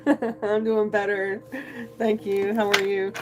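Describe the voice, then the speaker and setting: Woman livestream tarot host, unhurried and chatty, clear music bed behind her. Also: mid-range voice, level tone, darkish tone. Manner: chatty, rambling, addresses viewers as you guys. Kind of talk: casual livestream tarot reading. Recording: singing bowl music playing behind.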